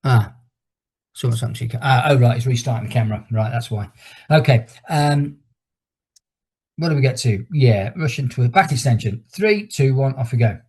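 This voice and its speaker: A middle-aged fitness instructor with a husky, slightly breathy, darkish voice of ordinary male pitch leads an online class over video call. He's animated and talks at normal speed, telling a rambling story and breaking off to count down exercises.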